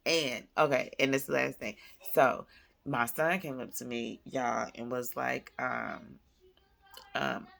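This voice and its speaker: A woman, chatting with viewers at home in a casual faith-based vlog, animated and calling them y'all. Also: rumbling low, slow pace, gravelly. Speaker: vlogger, mother. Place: at home, indoors.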